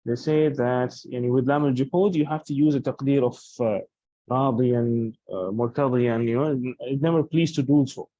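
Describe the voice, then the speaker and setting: A man's voice: medium pitch, steady tone, moderate pace, dark tone, no room sound, muffled recording. A man teaching Arabic grammar in a lecture, explaining patiently and restating each point with examples.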